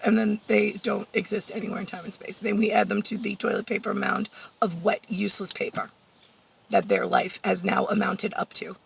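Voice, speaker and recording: A woman's voice: mid-range voice, gravelly, fairly bright tone, slightly rough, distant mic. A woman vlogger rambling through a profane, sardonic monologue full of fillers, heard a little away from the mic. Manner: profane, sardonic ranting with frequent fillers and laughs.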